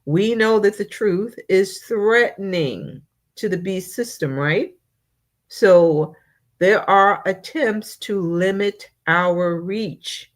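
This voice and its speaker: A woman hosting her channel's live stream, greeting viewers by name and chatting about updates. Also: medium pitch. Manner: slow, drawn-out greetings, reading names one by one. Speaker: channel host.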